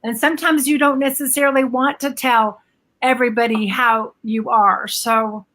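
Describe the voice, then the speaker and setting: A middle-aged woman speaks as a guest in a relaxed live-stream chat. Her voice is high and bright, and she talks haltingly, often stopping to restart her sentences.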